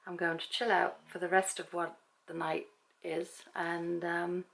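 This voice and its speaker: A woman's voice: lowish voice, flat delivery, a little slow, creaky, fairly bright tone, low-quality recording. A middle-aged woman from England, chatting and rambling in a casual home vlog at night, laughing easily. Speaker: vlogger. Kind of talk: casual vlog chat to camera.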